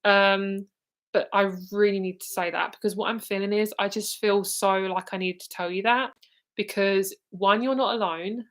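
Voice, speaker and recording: A woman's voice: medium pitch, fairly even intonation, moderate pace. A woman in her twenties with a British accent, giving a live psychic reading in a casual, rambling way, with fillers, restarts and swearing. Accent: British English. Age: 20s. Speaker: psychic reader.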